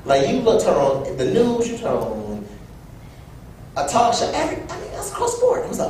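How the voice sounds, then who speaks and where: A young man giving a personal storytelling speech at an event, animated and acting out quoted voices. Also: brisk. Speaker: event speaker. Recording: echoey room from far off with low rumble.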